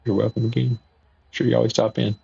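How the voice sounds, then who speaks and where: Gravelly man chatting on stream. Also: mid-range voice, little pitch movement, fast talker, dark tone. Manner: rambling, folksy, repeats himself. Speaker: livestream host. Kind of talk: casual livestream chat reading viewer comments. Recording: dull lo-fi stream audio.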